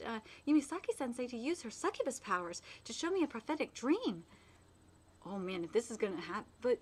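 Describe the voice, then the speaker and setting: A woman hosting a live reaction video, talking in a chatty way with lots of fillers. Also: a little high. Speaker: host.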